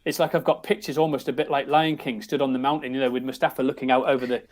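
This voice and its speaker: A man's voice: medium pitch, level tone, fast. Middle-aged english guy rambling thru family stories, lots of you knows and restarts. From England. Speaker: guest. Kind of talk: casual storytelling.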